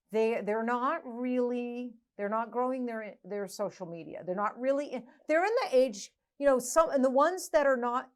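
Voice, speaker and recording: A middle-aged woman hosting a podcast, talking casually and haltingly with many restarts. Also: fairly high pitch. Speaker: podcast host. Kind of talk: casual interview chat.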